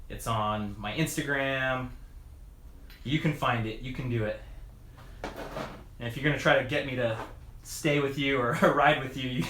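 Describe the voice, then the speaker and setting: A man's voice: mid-range voice, fairly bright tone. A man chatting casually on a live stream while working on his bike, rambling with lots of fillers and restarts and chuckling often. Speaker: mountain bike video creator answering live chat. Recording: echoey room sound.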